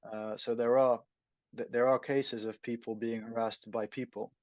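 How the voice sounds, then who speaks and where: A man's voice: mid-range voice, little pitch movement, moderate pace, dry recording. A man with a Dutch accent, a native Dutch speaker, answering interview questions thoughtfully and searching for his words. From Netherlands. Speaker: guest. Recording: dull lo-fi dry sound.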